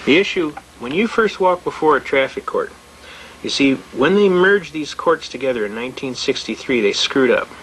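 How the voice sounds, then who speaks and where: An older man lecturing to a live audience in a folksy, anecdotal way. He speaks in a plain-spoken, emphatic manner at an everyday pitch. Faint noise sits under his voice. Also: lively intonation, normal speed, a bit bright, poor audio. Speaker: seminar speaker on constitutional rights.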